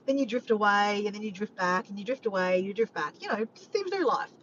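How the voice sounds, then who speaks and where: A woman's voice: mid-range voice, lively intonation, a little fast, fairly bright tone. A woman chatting casually to her vlog audience, rambling from point to point and swearing freely. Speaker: vlogger. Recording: dull lo-fi sound with faint background noise.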